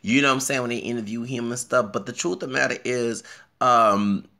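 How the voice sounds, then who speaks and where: A young Texan man from Houston vlogging from his bathroom in a chatty, excitable, rambling way. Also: fairly quick, gravelly. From Houston, Texas. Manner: chatty, excitable, laughs and jumps in pitch. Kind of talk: casual rambling commentary. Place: home bathroom.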